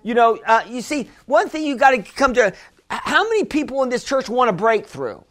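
High-voiced man preaching a sermon. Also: sing-song, fairly quick, a bit bright. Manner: conversational preaching with many restarts and asides. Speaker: pastor.

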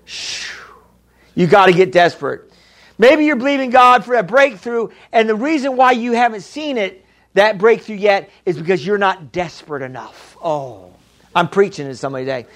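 A man with a strikingly high voice preaches in church. He is emphatic, repeats his key lines and calls out to the congregation. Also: moderate pace, fairly bright tone. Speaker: pastor. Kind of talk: sermon.

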